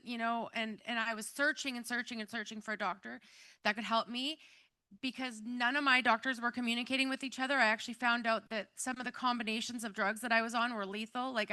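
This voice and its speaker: A woman's voice: fairly high pitch, sharp tone, no echo. A middle-aged woman giving an emotional personal testimony to a live audience, earnest and rambling with many fillers. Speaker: event speaker giving a testimonial.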